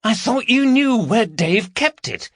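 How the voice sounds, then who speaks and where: A man's voice: extremely high pitch, animated, a little slow, fairly bright tone, no echo, studio quality, pitched above the performer's own voice, exaggerated voice. A man voicing a nervous, scolding woman burglar. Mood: anxious, scolding.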